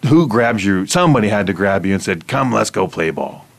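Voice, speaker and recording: A middle-aged man from Iowa, hosting a casual conversation and telling stories with animated laughter. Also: lowish voice, fairly quick. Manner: animated storytelling, laughs often. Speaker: host.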